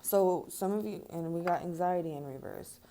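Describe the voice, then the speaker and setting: A woman's voice: on the low side, moderate pace, dark tone, a little hiss or hum. A young woman giving a casual tarot and angel card reading to her viewers, chatty and laughing often, swearing now and then. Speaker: tarot reader.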